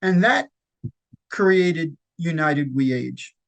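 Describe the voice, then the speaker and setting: A man who founded a nonprofit tells personal stories in an interview, halting with fillers and restarts and acting out the quoted lines. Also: on the high side. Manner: lively anecdotal storyteller who acts out quoted lines. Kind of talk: conversational interview storytelling.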